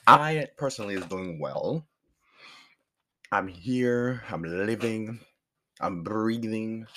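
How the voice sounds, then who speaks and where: A man hosting his own podcast in a rambling, casual way, hoarse from a sore throat and pausing now and then to chew. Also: on the low side, expressive, a bit bright. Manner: rambling, chatty, pauses to chew food. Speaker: podcast host. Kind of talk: casual solo podcast chat.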